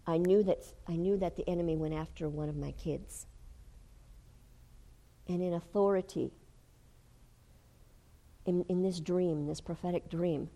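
Older woman preacher, fervent sermon delivery that builds to shouting. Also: lowish voice. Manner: fervent, rises to shouting when retelling. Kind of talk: sermon testimony.

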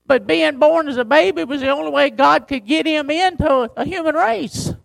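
A man pastor preaching a sermon, reading scripture slowly and driving his points home with emphasis. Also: very high voice, gravelly, a bit bright, no echo, low-quality recording.

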